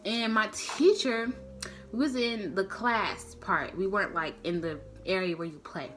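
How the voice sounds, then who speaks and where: A woman's voice: mid-range voice, unhurried, a little hiss or hum. A woman telling a casual, slangy, profane story to camera, acting out the people in it. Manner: slangy, profane, animated, acts out quotes. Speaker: storytime vlogger.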